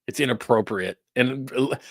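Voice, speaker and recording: A man's voice: mid-range voice, moderate pace, vocal fry, no echo, studio quality. A middle-aged man hosting sports talk, ranting casually with stammered restarts and disbelief. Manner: rambling, incredulous, stammering restarts.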